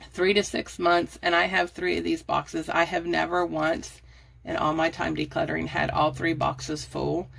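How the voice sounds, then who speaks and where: Breathless, gravelly-voiced woman vlogger. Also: sits low, a bit bright. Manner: chatty, rambling, apologetic. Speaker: budgeting and decluttering vlogger. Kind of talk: casual how-to talk to camera. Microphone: phone.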